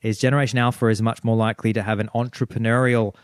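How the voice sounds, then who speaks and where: A man's voice: fairly low pitch, little pitch movement, fast, no echo, studio quality. A man in his thirties, co-hosting a podcast, riffing emphatically in casual chat. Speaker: podcast co-host.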